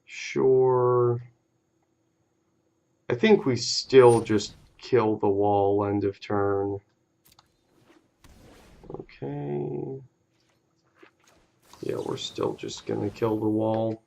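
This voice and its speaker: A man's voice: lowish voice, extremely slow, creaky, long pauses, a little mellow. A man casually talking through a card game on a live stream, laid-back and easily amused, with casual swearing.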